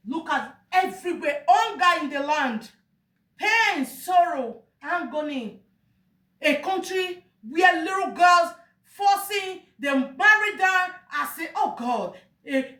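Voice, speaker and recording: A woman's voice: high voice, fairly bright tone, far from the mic. A Nigerian woman giving an emotional, pleading monologue, crying out to God and lamenting. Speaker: vlogger. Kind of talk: impassioned monologue. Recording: echoey room, voice off-mic.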